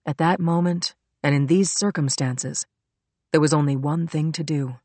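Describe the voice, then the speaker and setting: A woman's voice: low voice, moderate pace, warm tone, dry recording. Woman narrating a thriller, dry sound. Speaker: audiobook narrator. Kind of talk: scripted narration.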